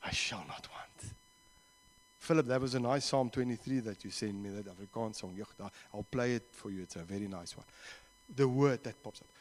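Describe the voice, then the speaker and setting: A man's voice: fairly low pitch, fairly quick, darkish tone. A man with a South African accent preaching a sermon in church and leading a closing prayer, speaking earnestly and acting out little conversations. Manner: earnest, acts out little dialogues, slips into Afrikaans phrases. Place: church service.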